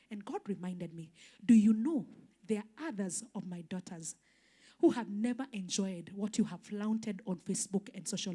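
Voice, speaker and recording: A young woman pastor preaching a sermon in an animated storytelling way, swinging between loud exclamations and soft asides. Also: fairly high pitch. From Kenya.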